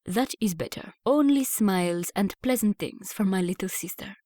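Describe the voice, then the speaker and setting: Woman narrator doing a teasing French theatre manager, soft French accent, dry read. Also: medium pitch, lively intonation, normal speed, no echo, lightly acted. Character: charming French theatre owner, young man, playful.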